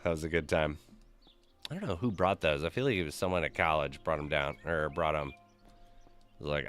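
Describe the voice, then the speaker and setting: A man's voice: extremely low pitch, moderate pace, pauses often, fairly bright tone, soft background music. A young man streaming a game, chatting casually with viewers, reading names from chat and telling crude, joking stories. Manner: loose, profane, joking storyteller reading chat.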